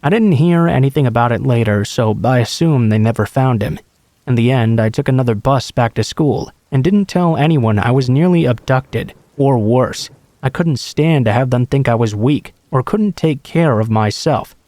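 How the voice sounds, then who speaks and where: A man narrating a true horror story in the first person, in a measured, earnest read. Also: mid-range voice, dark tone, dry recording.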